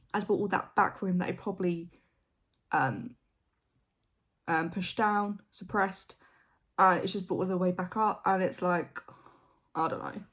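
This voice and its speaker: A young woman hosting a reaction video, thinking aloud in a hesitant, rambling way with many fillers and restarts. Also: mid-range voice. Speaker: reaction channel host. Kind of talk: casual reaction commentary.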